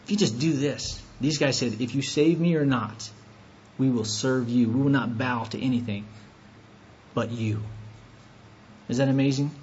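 A man preaching a sermon, retelling scripture with lively rhetorical questions to his listeners. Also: medium pitch, normal speed, long pauses, dull audio, a little hiss or hum. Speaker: pastor.

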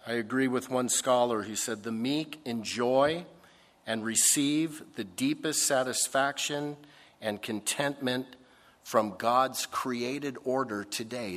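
A man preaching a sermon, slow and emphatic, swinging between loud stressed phrases and soft, low asides. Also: in a large hall. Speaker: pastor.

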